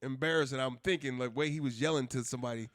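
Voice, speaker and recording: A man's voice: medium pitch, fast, a bit bright, no room sound, studio quality. A man cohosting a podcast, telling loose, profane stories in casual chat. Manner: loose, profane storytelling with laughs and restarts.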